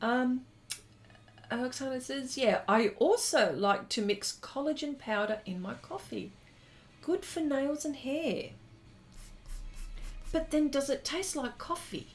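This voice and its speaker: A woman's voice: high voice, lively intonation, takes it slowly, pauses often. A middle-aged woman artist hosting a livestream, reading viewers' comments aloud and chatting back with lots of fillers. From lives in Texas. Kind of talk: casual livestream chat while drawing.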